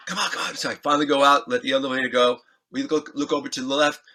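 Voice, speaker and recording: A man being interviewed as a musician, telling an animated, excitable anecdote, acting out scenes and swearing freely. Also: mid-range voice, quick pace. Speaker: guest musician.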